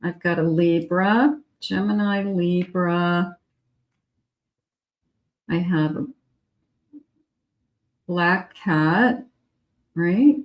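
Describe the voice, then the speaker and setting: A woman giving a casual tarot reading, thinking aloud in an unhurried way with many fillers. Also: fairly low pitch. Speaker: psychic tarot reader.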